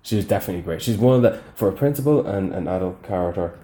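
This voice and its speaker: Mellow, low-voiced man, hesitant. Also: lively intonation, fast talker. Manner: hesitant, many fillers and restarts. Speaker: podcast co-host. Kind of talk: casual film discussion.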